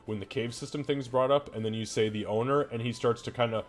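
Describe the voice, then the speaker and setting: A man's voice: mid-range voice, steady tone, fast talker, soft background music. Casually swearing male game master. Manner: casual, loose narration with many curses. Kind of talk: narrating a tabletop game.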